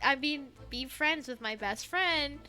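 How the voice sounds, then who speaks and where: A woman playfully reading a game's dialogue with friends in an animated, joking way, faint game music behind. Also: high voice, unhurried.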